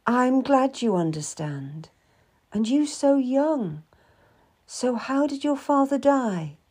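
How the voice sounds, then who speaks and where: A woman voicing a grieving Puritan widow, soft and earnest, in an audiobook reading. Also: high voice, sing-song, slow pace, husky, pitched above the performer's own voice, full character voice. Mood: sorrowful. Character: grieving Puritan widow, lonely, gentle and shy.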